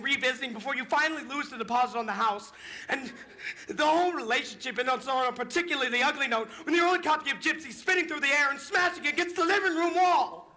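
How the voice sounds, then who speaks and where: A young adult man performs in a high school musical, his very high voice pushed, bright and exaggerated. Playing a lonely theatre fan, he narrates in a confiding, rambling way with bitter asides.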